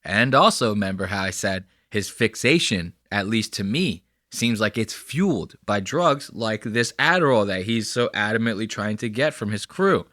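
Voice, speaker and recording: Young guy ranting on a podcast, bright edgy voice, dry close sound, swears a lot. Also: lowish voice, animated, normal speed, hardly any pauses, no room sound. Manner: blunt, profane, heated ranting. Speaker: podcast host. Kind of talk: casual commentary reacting to clips.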